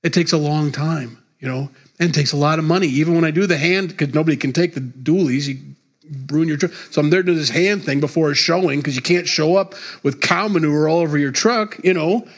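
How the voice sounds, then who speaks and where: A man pastor preaching a sermon, emphatic and repetitive, with sudden loud rises and quiet drops. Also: on the high side, brisk.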